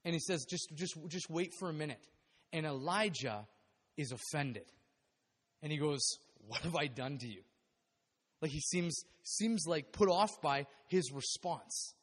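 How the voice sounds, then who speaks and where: A man preaching a sermon, animated and acting out the voices of the people in the story. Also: fairly high pitch, a little slow. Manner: animated, acts out biblical voices. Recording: long hall reverb.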